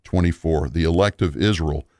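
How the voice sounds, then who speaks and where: A man with a very low voice teaches scripture at a measured, explanatory pace, pausing with small fillers. The sound is dry and close, with no room around it. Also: dark tone, dry recording. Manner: slow, deliberate, explanatory, with fillers. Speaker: Bible teacher. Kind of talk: radio Bible teaching.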